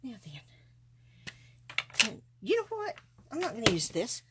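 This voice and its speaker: A woman's voice: a little high, wildly swooping pitch, a little slow, very noisy. A woman chatting folksily to viewers as she demonstrates card making live from her craft table. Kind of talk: live-stream craft demo.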